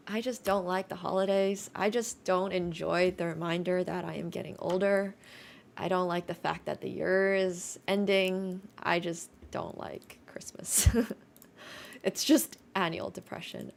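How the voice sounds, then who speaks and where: A woman's voice: mid-range voice, vocal fry, a bit bright. A woman in her twenties with a Californian accent, chatting casually on a livestream in a wry, self-deprecating way. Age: 20s. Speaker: chess streamer.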